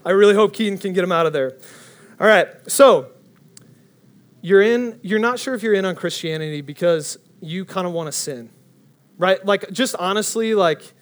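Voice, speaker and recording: Young male preacher, high voice, lively and rambling storyteller. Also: moderate pace. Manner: animated, rambling, self-interrupting. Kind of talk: storytelling sermon.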